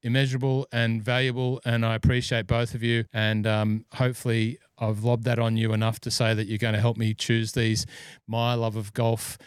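A man's voice: mid-range voice, clean tone, no echo. Chatty man, dry close sound. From Scotland. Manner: rambling, chatty storytelling with many fillers. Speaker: podcast host and golf club fitter. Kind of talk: casual podcast chat.

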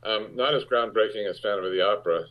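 Low-voiced candid actor, muffled audio. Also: male voice. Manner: frank, halting with restarts, rising when emphatic. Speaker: actor, interview guest. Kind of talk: candid conversational interview.

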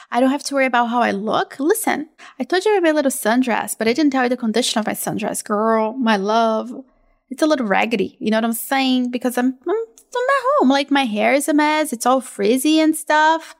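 A woman in her thirties hosting a casual solo podcast from home, talking in a gushing, upbeat sales pitch. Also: fairly quick. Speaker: podcast host.

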